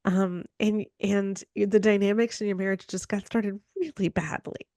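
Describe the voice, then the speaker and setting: A woman's voice: medium pitch, fairly even intonation, normal speed, darkish tone, dry recording. A woman hosting a podcast, chatty and upbeat, leaning on fillers as she talks. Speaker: podcast host. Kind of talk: podcast conversation.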